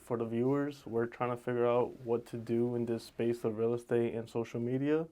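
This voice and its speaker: A man's voice: medium pitch, little pitch movement, normal speed, mellow. Laid-back joking man co-hosting a podcast. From Dominican Republic. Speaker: podcast co-host, realtor. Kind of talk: casual chat.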